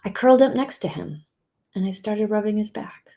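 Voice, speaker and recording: A middle-aged woman relationship coach giving a motivational talk, earnest and soft-spoken, dropping to whispers and rising to emphatic outbursts. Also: medium pitch, normal speed.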